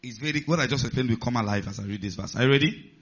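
A man's voice: mid-range voice, rapid-fire. A male pastor preaching a sermon, stressing key words and putting questions to the congregation. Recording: slightly muffled recording.

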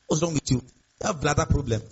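Pastor guy preaching, husky voice, keeps asking "you get the point", kinda muffled lo-fi audio. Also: fairly high pitch, fairly quick, a little mellow. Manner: emphatic, repetitive, rhetorical questions. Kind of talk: sermon. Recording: dull lo-fi sound.

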